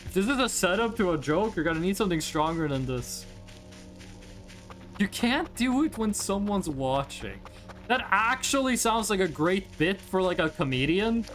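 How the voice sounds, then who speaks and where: A native Norwegian streamer from Norway chats casually and jokes with viewers while playing a game, speaking in an animated mid-range voice at a moderate pace. Faint music plays behind as they react loudly and laugh throughout the live-stream banter.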